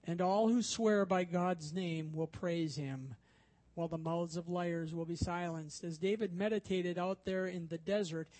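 A man's voice: high voice, darkish tone. A man preaching a sermon, telling stories and acting out quoted voices with rising emphasis. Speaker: pastor.

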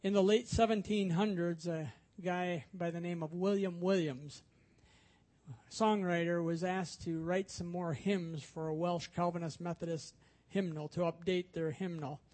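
A man's voice: sits high, fairly even intonation, a little slow, darkish tone. A man preaching a sermon, telling stories and acting out quoted voices with rising emphasis. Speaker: pastor.

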